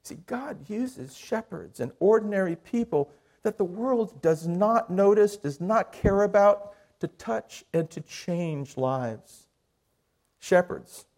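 A man preaching a sermon as a pastor, telling a story earnestly and then praying softly and slowly. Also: fairly high pitch. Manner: earnest storytelling that drops to a soft, slow prayer. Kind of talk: sermon with a told story and prayer.

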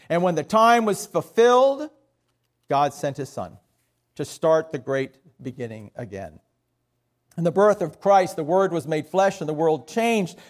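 A middle-aged man with a Southern US accent preaching a sermon as pastor, folksy and self-deprecating. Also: a little high.

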